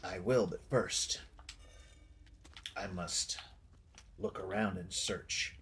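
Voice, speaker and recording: A man's voice: deep voice, fairly even intonation, very slow, gravelly, fairly bright tone, a little hiss or hum, voice pushed down, heavily acted. A man putting on a grave infection hunter. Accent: attempted British-esque. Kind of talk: voicing own game character.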